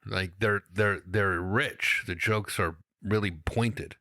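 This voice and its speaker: A middle-aged man speaks as a guest on a podcast, laying out his points in a steady, explanatory way. His voice sits very low. The recording is dry, close and free of room echo. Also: takes it slowly. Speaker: comedian guest. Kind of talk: casual interview chat.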